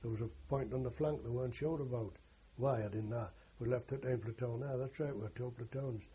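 Recalling his wartime experience for an oral history, an older male veteran speaks in an earthy, meandering way, correcting himself as he goes. His mid-range voice is mellow with a breathy edge, fairly quick, on a lo-fi recording.

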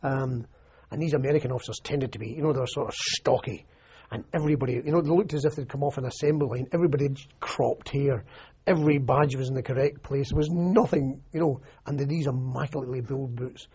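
This older Scottish man, an army veteran, talks fast in a medium-pitched, mellow, husky voice. In his oral history interview he recalls his service in rambling anecdotes, restarting often and saying "you know," on a muffled lo-fi recording.

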